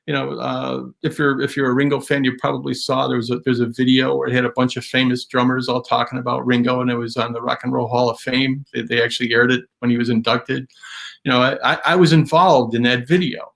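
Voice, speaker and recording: Guest man, gravelly voice, casual storyteller who rambles, restarts and gets animated. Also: mid-range voice, quick pace. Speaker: guest drum historian.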